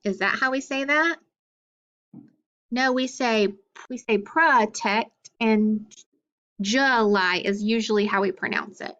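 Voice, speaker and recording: A woman's voice: a little high, measured pace, a bit bright, muffled recording. A woman teacher giving a phonics lesson to young students, patient and questioning as she sounds out words.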